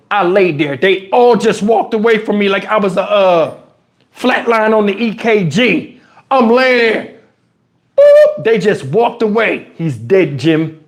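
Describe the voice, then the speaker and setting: Animated profane man telling a story. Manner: animated, profane, with dramatic pitch swings. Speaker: storytime streamer. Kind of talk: casual storytelling livestream. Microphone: wireless lapel mic.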